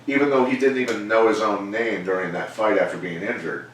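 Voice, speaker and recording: Deep-voiced man in an echoey gym. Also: slight background noise. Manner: measured, plainspoken, animated when quoting others. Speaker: MMA coach and former fighter. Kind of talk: casual storytelling interview. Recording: echoey room, mic far off.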